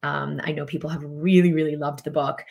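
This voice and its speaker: A woman's voice: deep voice, fairly even intonation, brisk, creaky, darkish tone. A middle-aged woman hosting a podcast, talking casually in a chatty, filler-heavy way while coaching viewers and reading their comments. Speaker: podcast host.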